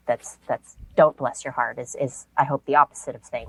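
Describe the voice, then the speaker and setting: A woman's voice: extremely low pitch, fairly even intonation, normal speed, a little hiss or hum, poor audio. A woman chatting playfully on a podcast, rambling and mock-polite. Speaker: guest, prank caller. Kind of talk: casual podcast chat.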